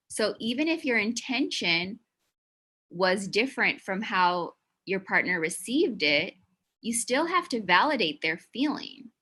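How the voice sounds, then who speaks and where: A woman's voice: mid-range voice, pushed and bright, breathy edge. A woman giving a conversational educational talk to an online audience, earnest and emphatic, with frequent casual fillers. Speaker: presenter of a mental health talk.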